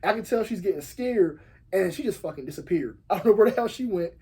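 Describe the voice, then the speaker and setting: A man's voice: sits high, fast talker, husky. A man guest on a podcast, telling a story in casual chat and acting out what other people said, swearing freely. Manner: animated, acts out quoted voices, swears freely.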